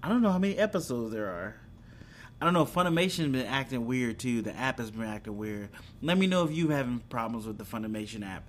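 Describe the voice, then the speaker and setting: A man's voice: mid-range voice, animated, quick pace, a little hiss or hum. A man chatting casually about anime and streaming apps, rambling and correcting himself as he goes. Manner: rambling, self-correcting, laughs at own slips. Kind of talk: casual chat.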